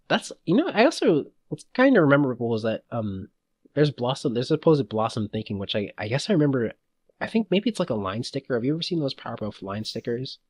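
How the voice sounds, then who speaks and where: A man co-hosting a podcast, chatting in an excitable, rambling way and laughing often. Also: mid-range voice, a little fast, slightly rough, dry recording. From United States. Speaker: podcast co-host. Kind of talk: casual chat.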